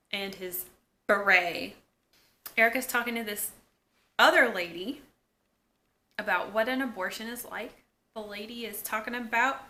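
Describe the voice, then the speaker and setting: Bright-voiced woman recapping an episode. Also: medium pitch, slight background noise. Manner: retells scenes through quoted lines, with wry asides. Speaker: episode reviewer. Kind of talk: casual recap commentary.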